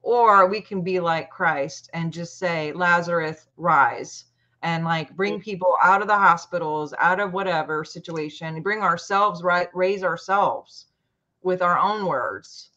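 A woman's voice: fairly low pitch, unhurried. Chatty woman telling a story, lo-fi. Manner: chatty, animated retelling with quoted voices. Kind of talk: casual storytelling. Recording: muffled lo-fi audio.

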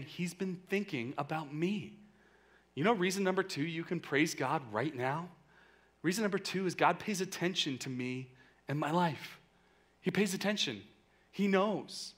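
His voice sits on the high side as this youth pastor, in his thirties, talks earnestly through a sermon. Frequent "like"s fill his conversational delivery, which veers between quiet closeness and strong, loud emphasis.

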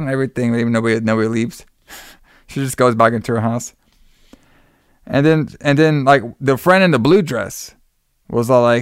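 A man's voice: medium pitch, fairly quick, clean tone, no echo, clean studio sound. A man co-hosting a show, casually recapping a horror movie, swearing often, laughing and acting out the characters' lines. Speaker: podcast co-host.

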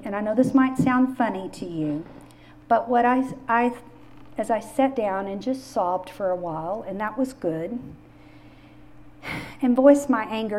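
Middle-aged woman podcaster, earnest personal grief talk, mellow voice, middle pitch. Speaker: podcast host. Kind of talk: faith-based talk on grief.

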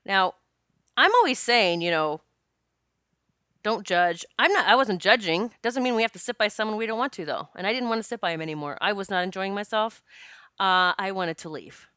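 Bright, candid woman telling a story. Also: medium pitch, animated, moderate pace, clear, resonant tone, dry recording, studio quality. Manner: candid, laughs often, swears freely. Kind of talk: casual storytelling monologue.

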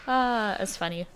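A woman's voice: on the high side, a bit bright, a little hiss or hum. A woman in her thirties co-hosting a podcast, chatting casually, laughing often and trailing off with fillers. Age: 30s. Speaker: podcast co-host. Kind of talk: casual chat.

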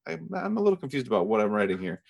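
A man co-hosting a podcast, casually recapping a TV episode from his notes in a relaxed, measured way. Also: fairly low pitch, vocal fry. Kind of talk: casual chat.

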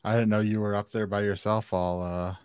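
A man's voice: lowish voice, little pitch movement, a little fast, a little mellow, smooth, dry recording. Hesitant co-host man, dry sound. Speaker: co-host reading chat. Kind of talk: casual chat.

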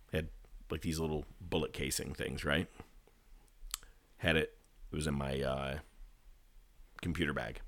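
A man casually telling a story, animated, swearing and laughing at his own misfortune. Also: low voice. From California.

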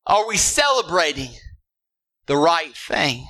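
A pastor preaching a sermon to his church. He speaks emphatically, rising to shouts and then dropping low, and often repeats words as he starts a thought. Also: big pitch swings, takes it slowly, rough recording. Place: church service with congregation.

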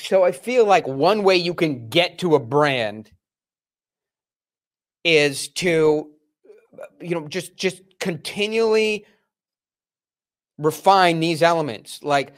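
A man hosts a casual interview podcast with a fairly high voice. He talks as an animated storyteller, often slipping into acted-out quotes. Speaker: podcast host.

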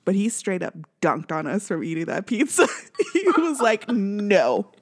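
A woman from Missouri in casual chat as a podcast co-host, lively and full of fillers and laughter. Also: mid-range voice, normal speed. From Missouri, US Midwest. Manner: lively, animated, laughs often, many fillers.

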